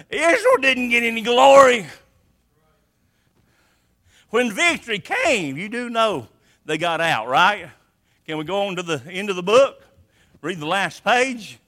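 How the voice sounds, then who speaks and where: A man preaching a sermon, swinging from hushed asides to shouted emphasis. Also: sits high, sing-song, slow, pauses often.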